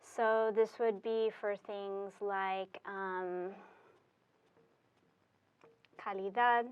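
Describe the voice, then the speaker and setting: Slow, deliberate woman teaching Spanish. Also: medium pitch, flat delivery, clear, resonant tone, dull audio. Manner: slow, deliberate explaining with fillers. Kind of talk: classroom explanation at a whiteboard.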